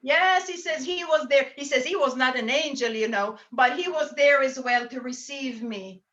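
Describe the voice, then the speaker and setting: High bright medium over dull video-call audio. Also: female voice, moderate pace. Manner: earnest, relays messages in quoted speech. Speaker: spiritualist medium. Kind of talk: mediumship reading at a church service.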